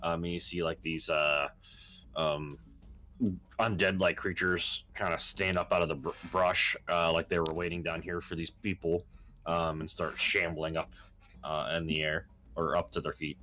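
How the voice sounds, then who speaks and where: A man's voice: deep voice, level tone, normal speed, bright, forceful tone. A man narrating as game master, hesitant and full of ums and uhs. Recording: faint music behind.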